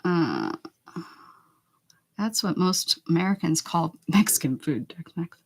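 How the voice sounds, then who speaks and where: A woman's voice: fairly low pitch, very animated, slow, creaky. Chatty woman live-streaming her art. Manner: chatty, talks to viewers in chat while working; playful, exclaims and jokes. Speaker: livestreaming art journal creator. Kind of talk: casual live-stream chat while crafting.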